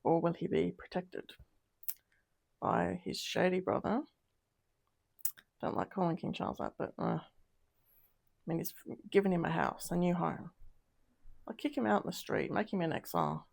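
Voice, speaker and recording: A woman's voice: lowish voice, sing-song, normal speed, creaky, pauses often, darkish tone. A woman doing a casual tarot reading, talking in an upset, emotional way with sighs and trailing sentences. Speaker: tarot reader.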